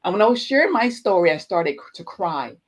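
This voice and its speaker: Earnest, lower-voiced woman guest. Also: sing-song, fast, husky. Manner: earnest and emotional, repeats phrases for emphasis. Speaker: guest speaker. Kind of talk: personal testimony in interview.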